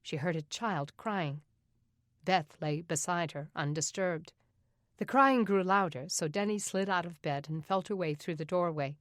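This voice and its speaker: Low-voiced woman reading a novel. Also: a little slow, no echo, clean studio sound. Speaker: audiobook narrator. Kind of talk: scripted narration.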